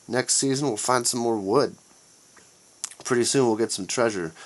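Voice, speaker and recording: A man mockingly voicing excited male treasure hunters with exaggerated, squealing cheer. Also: mid-range voice, moderate pace, natural voice. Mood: mock-excited.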